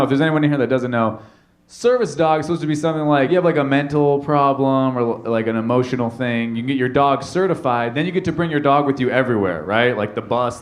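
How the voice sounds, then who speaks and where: A male stand-up comedian telling a brash, profane story on a comedy club stage, acting out both sides of an argument. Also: mid-range voice.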